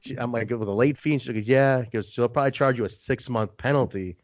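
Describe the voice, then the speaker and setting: A man's voice: mid-range voice, fast talker, no room sound, lo-fi sound. A young man hosting a casual podcast, swearing loosely and acting out both sides of his own stories. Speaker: podcast host.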